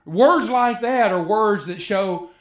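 A man delivering a sermon with a fairly high voice. He is animated and acts out the voices of biblical figures. His voice rings in an echoey room. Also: takes it slowly. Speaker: preacher.

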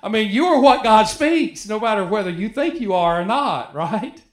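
A man delivering a sermon with a fairly high voice. He is animated and acts out the voices of biblical figures. His voice rings in an echoey room. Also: moderate pace. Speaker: preacher.

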